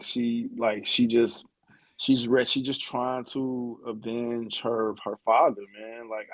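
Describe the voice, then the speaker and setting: A man's voice: mid-range voice, no echo, low-quality recording. A man co-hosting a podcast in casual chat, laid-back and profane, often restarting his sentences. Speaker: podcast co-host.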